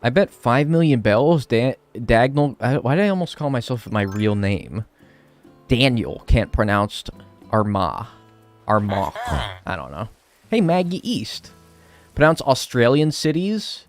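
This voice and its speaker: A man's voice: medium pitch, big pitch swings, unhurried, faint music behind. A young man live-streaming a game, chatting casually and sarcastically with chat and swearing now and then.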